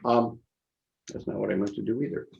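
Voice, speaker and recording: A man leads a webinar from a video call and talks his ideas through in a thoughtful, halting way, often restarting his sentences. His voice sits low and sounds warm and mellow. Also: fairly even intonation, creaky, muffled recording. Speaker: presenter and teacher. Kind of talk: webinar presentation, casual commentary.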